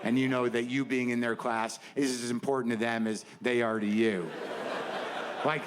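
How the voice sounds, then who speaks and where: A man's voice: medium pitch, little pitch movement, normal speed, background noise. A stand-up comedian in his sixties doing a neurotic, self-deprecating routine on stage, full of stammered restarts. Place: comedy stage before a live audience.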